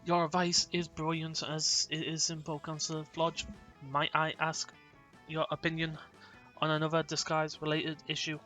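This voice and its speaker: A man's voice: fairly high pitch, completely flat delivery, normal speed, bright, forceful tone, soft background music. A man voicing a stiff, formal machine being. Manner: formal, precise wording. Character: earnest synthetic being wanting to seem alive.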